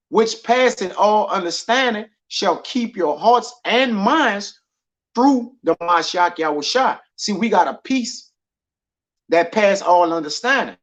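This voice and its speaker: A man's voice: high-pitched, a bit bright. A man teaching scripture in a loose, conversational way, often tagging his lines with "man" and "all right". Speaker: preacher. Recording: dull lo-fi audio.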